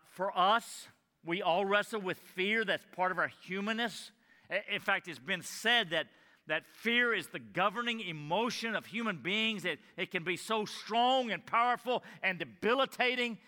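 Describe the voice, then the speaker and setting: Bright-toned male preacher in a reverberant hall. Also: high-pitched, moderate pace. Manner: earnest expository preaching, repeats phrases, drops to hushed tones. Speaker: pastor. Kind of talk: sermon.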